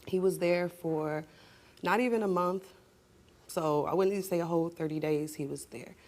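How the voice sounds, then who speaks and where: A young woman with a fairly low-pitched voice speaks as a talk show guest on a studio stage. She tells her story in an upset, urgent way and turns sharp and confrontational when she argues back. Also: moderate pace. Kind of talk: emotional personal account, then heated argument.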